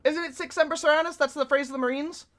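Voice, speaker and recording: Excitable high-voiced woman streamer. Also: fast talker. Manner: excitable and talkative, swears freely. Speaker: live streamer reacting to a video. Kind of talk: casual stream reaction.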